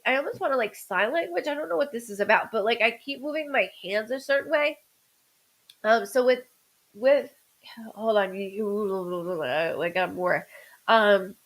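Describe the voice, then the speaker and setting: A woman's voice: fairly high pitch, fairly bright tone, poor audio. A woman doing a live-streamed psychic reading as a medium, rambling with stammered restarts and greeting viewers by name.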